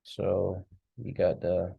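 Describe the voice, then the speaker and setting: A man's voice: deep voice, completely flat delivery, takes it slowly, gravelly, slightly rough, dry recording, muffled recording. A man casually talking through a trading chart recap, thinking aloud and yawning now and then, recorded at a desk mic. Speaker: forex trader reviewing charts. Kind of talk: casual screen-share market recap.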